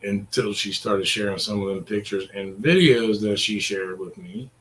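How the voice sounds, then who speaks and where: A man's voice: lowish voice, normal speed, fairly bright tone, a little hiss or hum. A middle-aged man, ranting casually in a crude, profane, rambling way. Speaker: vlogger.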